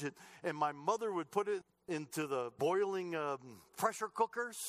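A middle-aged male pastor preaching with earnest storytelling. His voice sits a little high for a man, and he swings from loud, emphatic lines down to soft, low asides. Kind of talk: sermon.

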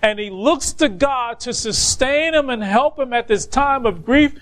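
High-voiced, slow-speaking male preacher. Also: a bit bright. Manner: emphatic, with drawn-out stresses. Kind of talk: sermon.

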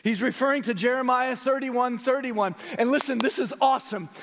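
High-voiced male preacher in a reverberant hall. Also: brisk. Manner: preaching with rhetorical questions, swinging from loud emphasis to low quiet delivery. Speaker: pastor. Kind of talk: sermon.

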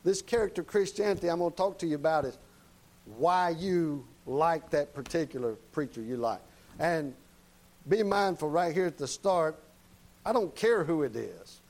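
A man preaching a sermon in a folksy, plain-spoken way, often checking in with the congregation with quick tag questions. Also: a little high, a little mellow, rough recording.

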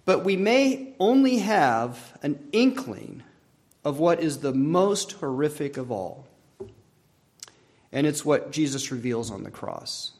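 A man preaching a sermon as pastor, earnest and measured, lifting for emphasis and letting phrases fall soft at the end. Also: a little high, big pitch swings.

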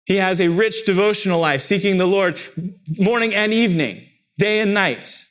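A man's voice: sits high, normal speed, a bit bright. A pastor delivering a sermon, repeating phrases emphatically and lifting his voice on key words.

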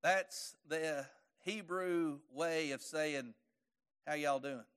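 A high-pitched man preaching a sermon. He tells the story in a homespun, folksy way, with his voice surging up loud and then sinking back low. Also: drawn-out words, clean tone. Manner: folksy storytelling, voice rising to forceful peaks and dropping low.

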